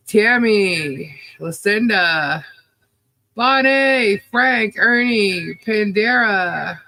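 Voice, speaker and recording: A man with a high, bright, forceful voice co-hosts a livestream, chatting casually in an upbeat way and rattling off viewers' names. Humidity and allergies leave him sounding a bit stuffy and nasal.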